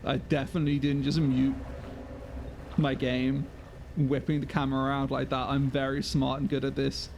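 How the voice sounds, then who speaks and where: A man's voice: medium pitch, monotone, normal speed, vocal fry, a little mellow, slight background noise. A man streaming a game live, chatting with viewers, sweary and self-mocking. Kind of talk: live gameplay commentary.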